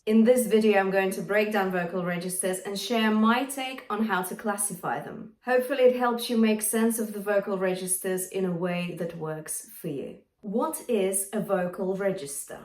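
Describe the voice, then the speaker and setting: A woman singing teacher explaining vocal registers in a clear, encouraging way. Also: mid-range voice, echoey room, recorded from a distance. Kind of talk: vocal lesson with sung demonstrations.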